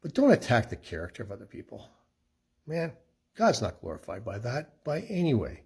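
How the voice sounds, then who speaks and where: A man's voice: mid-range voice, wildly swooping pitch, normal speed, gravelly, mellow, breathy edge. A man talking casually through a Bible passage as a pastor, emphatic and conversational, acting out the quoted voices. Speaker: pastor giving a short Bible devotional.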